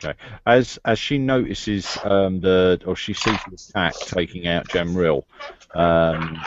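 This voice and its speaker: A man playing a tabletop game, speaking hesitantly with many pauses and ums. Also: deep voice, steady tone. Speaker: player. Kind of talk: casual tabletop play. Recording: muffled lo-fi mic with faint noise.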